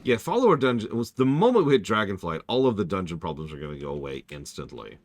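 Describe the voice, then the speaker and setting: A man's voice: deep voice, sing-song, fast talker, slight background noise. A man streaming a game, chatting casually and repeating himself while he multitasks. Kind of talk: live game stream commentary.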